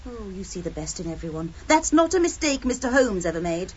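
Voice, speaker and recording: A woman's voice: mid-range voice, very animated, brisk, darkish tone, breathy edge, highs cut off. An actress in a radio drama playing a confident, theatrical English lady novelist turned detective. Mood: indignant.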